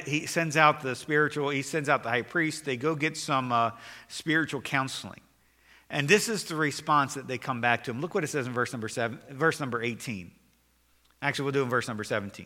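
A man preaching a sermon in a church, his voice very bright and edged. It rings out with a long reverb from the hall, and he presses his points with steady emphasis and reads scripture aloud. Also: mid-range voice. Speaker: pastor.

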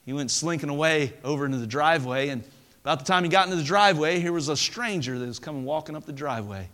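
A man preaching a sermon to a congregation in a church, telling a story earnestly and dropping to a soft voice for emphasis. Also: fairly high pitch, animated, quick pace. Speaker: pastor. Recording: long hall reverb.

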